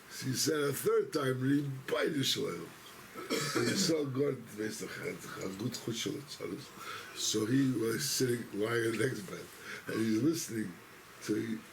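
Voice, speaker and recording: A man's voice: mid-range voice, vocal fry, a little hiss or hum, rough recording. A man speaking as a rabbi, telling a rambling, self-interrupting story to his congregation in a synagogue.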